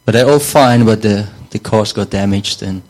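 A man's voice: fairly low pitch, normal speed, a little mellow, low-quality recording. A man preaching a sermon in a conversational way, often repeating words and saying "you know".

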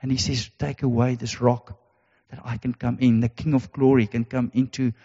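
Speaking at normal speed with a flat, mellow delivery and medium pitch, a man preaches earnestly. He repeats himself and leans on emphatic rhetorical questions, while the recording sounds dull inside a reverberant hall.

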